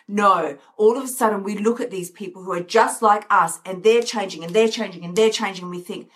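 A woman's voice: medium pitch, brisk, few pauses. A woman hosting a motivational live stream, talking energetically and acting out inner voices with emphasis. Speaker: host, coach.

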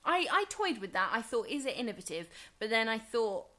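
A woman co-hosting a podcast in casual chat, enthusiastic and quick to agree with her partner. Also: fairly high pitch, very animated, sharp tone. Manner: enthusiastic, lots of agreeing fillers. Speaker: podcast co-host.

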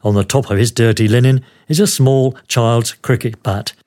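Wry older storyteller. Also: male voice, medium pitch, fairly even intonation, normal speed, a little mellow. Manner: wry, dry humor. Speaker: podcast host and narrator. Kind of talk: memoir storytelling.

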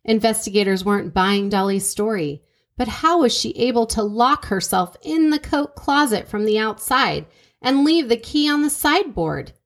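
A woman co-hosting a podcast, reading out a true crime case in a measured, dramatic way. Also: on the high side, animated. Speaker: podcast co-host.

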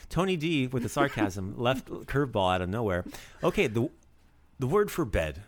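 A man's voice: medium pitch, very animated, moderate pace. A man hosting a casual podcast lesson, chatty and teasing as he teaches vocabulary and drops in foreign phrases.

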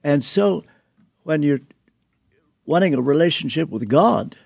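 Slow, gravelly older man reflecting. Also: a little high, lively intonation, no echo, studio quality. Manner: slow, deliberate, with soft chuckles. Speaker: guest author and pastor. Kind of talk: reflective interview storytelling.

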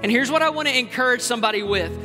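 A man preaching a sermon with passion, moving between loud exclamations and quiet asides. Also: very high voice, very fast. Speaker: pastor. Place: large church hall. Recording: long hall reverb with faint music.

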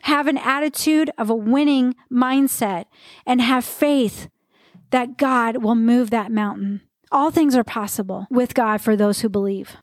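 A woman's voice: a little high, measured pace, no echo, studio quality. A woman hosting a faith-based fitness podcast, speaking in an earnest, encouraging way and reading scripture aloud between motivational points. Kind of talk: motivational devotional podcast talk.

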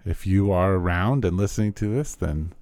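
A man's voice: low voice, normal speed, a little mellow, no room sound. A man hosting a church podcast as pastor, interviewing a guest and affirming him with short replies.

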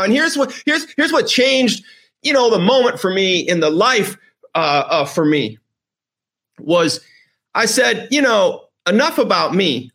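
Man, high-pitched, middle-aged, emotional storytelling, rambling, emphatic repeats. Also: bright, forceful tone. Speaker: host. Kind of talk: emotional personal storytelling monologue.

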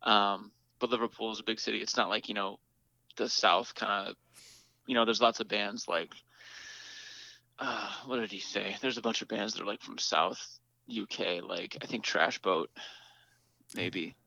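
A man's voice: on the low side, steady tone, normal speed, creaky, bright, forceful tone, dry recording, lo-fi sound. A man, the lead singer of a band, chatting casually as an interview guest, laughing often and talking with many fillers and restarts.

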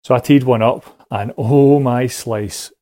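Guy rambling thru a golf story, ums and little laughs, dry close sound, mid pitch. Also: fairly even intonation, takes it slowly, mellow, no room sound. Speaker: listener calling in with a story. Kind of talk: casual recorded voice message.

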